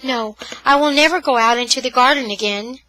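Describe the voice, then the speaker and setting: A woman voicing a timid young girl who speaks softly and pleads with her brother. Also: high-pitched, fairly quick, no echo, pitched above the performer's own voice, low-quality recording. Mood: desperate. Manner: soft, breathy, pleading.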